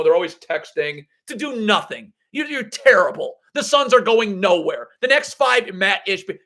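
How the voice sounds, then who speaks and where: A man's voice: high voice, a bit bright. A man hosting a live basketball draft reaction stream, blunt and sarcastic as he rants. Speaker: basketball livestream host.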